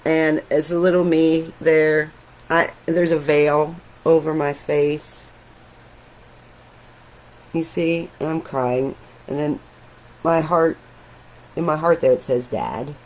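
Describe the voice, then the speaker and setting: A middle-aged woman, an artist, talking casually and reflectively while showing her sketches, with soft laughs now and then. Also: low-pitched, steady tone, takes it slowly, long pauses, rough recording.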